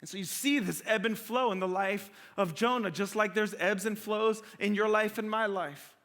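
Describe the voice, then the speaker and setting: Bright-voiced high-pitched male preacher. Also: normal speed. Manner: conversational, slangy, joking storyteller. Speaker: pastor. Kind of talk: sermon.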